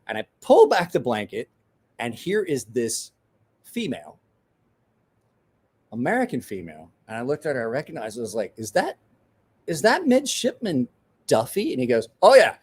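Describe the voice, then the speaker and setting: A man's voice: mid-range voice, very animated, normal speed, pauses often, darkish tone, breathy edge. A man in his forties, a podcast host telling a rowdy story in casual chat, swearing, laughing and acting out the voices of the people he quotes.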